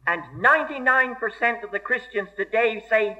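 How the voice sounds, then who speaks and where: A man's voice: extremely high pitch, lively intonation, normal speed, few pauses, sharp tone. A man preaching a sermon in an earnest, emphatic way, repeating key phrases for stress. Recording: dull lo-fi sermon recording.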